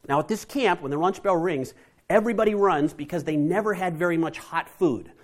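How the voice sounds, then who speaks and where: A man telling a family story to an audience, animated and lively. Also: sits high, a little fast. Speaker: speaker.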